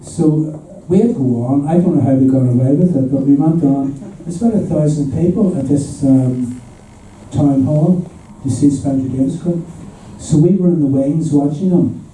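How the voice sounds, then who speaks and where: A man's voice: on the high side, normal speed, dark tone, a little hiss or hum. A man in his seventies with a Belfast accent, telling chuckling stories as a guest before a live audience. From Northern Ireland. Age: 70s. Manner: chuckling anecdotal storyteller. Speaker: guest musician. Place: hall at an audience event. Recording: echoey room from far off.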